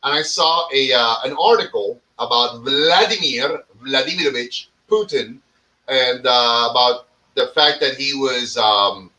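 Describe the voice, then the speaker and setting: Bright, animated male podcast host. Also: medium pitch, measured pace, far from the mic, poor audio. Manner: animated, swears freely, mock-dramatic. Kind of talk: casual profane chat.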